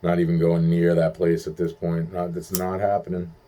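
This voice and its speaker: Low, profane man rambling to himself. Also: completely flat delivery, normal speed, mellow. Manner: profane, rambling, with many restarts and quoted asides. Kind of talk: rambling monologue to camera.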